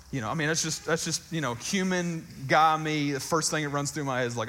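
A man's voice: fairly high pitch, quick pace, few pauses, pushed and bright. A man preaching a casual, conversational sermon, reading scripture aloud with emphasis and talking about it.

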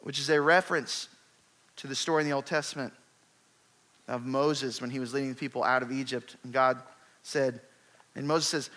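A man preaching a sermon, retelling scripture in a lively, conversational way with emphatic rises. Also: mid-range voice, normal speed, long pauses.

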